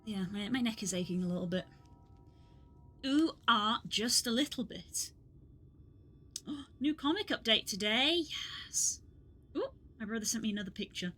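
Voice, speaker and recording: A woman's voice: a little high, lively intonation, normal speed, pauses often, a bit bright. A woman streamer chatting casually while she plays, reacting aloud to the game and to personal news. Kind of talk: casual live-stream chat.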